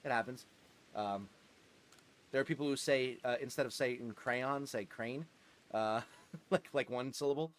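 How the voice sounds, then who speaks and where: A young man with a New Jersey accent rambles casually while streaming a game. His voice sits at an ordinary mid pitch, and he laughs a lot, circling back over his words and filling gaps with ums and likes. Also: moderate pace, long pauses. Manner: rambling, chuckling, many fillers and restarts. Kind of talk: casual live-stream chat while gaming.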